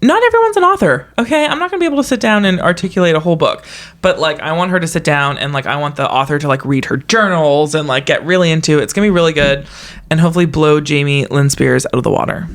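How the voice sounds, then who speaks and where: A young woman co-hosting a podcast in casual chat, excitable and rambling with restarts. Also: sits low, quick pace. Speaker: podcast co-host.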